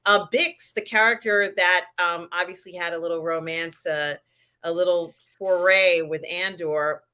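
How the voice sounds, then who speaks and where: Bright-voiced woman, low-pitched. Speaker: co-host. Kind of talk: casual pop culture chat.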